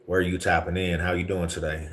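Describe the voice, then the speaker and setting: Deep voiced dude on a live stream, slangy and laid back, gets worked up ranting. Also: male voice, little pitch movement, quick pace, slight background noise. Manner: laid-back slangy talk, rising to heated rants. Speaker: livestream host. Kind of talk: casual livestream chat reading viewer comments.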